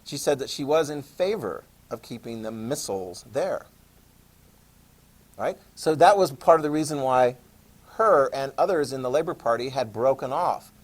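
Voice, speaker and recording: A man's voice: mid-range voice, moderate pace. American man telling a classroom story. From United States. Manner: anecdotal, talks to the class, animated retelling. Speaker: lecturer.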